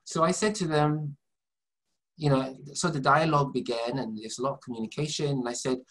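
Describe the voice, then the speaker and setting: Male guest, earnest rambling storyteller, mid pitch. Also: fairly even intonation, a little fast, a bit bright, a little hiss or hum, rough recording. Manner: earnest, meandering, many restarts. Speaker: interview guest. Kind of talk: conversational storytelling. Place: Southampton, UK.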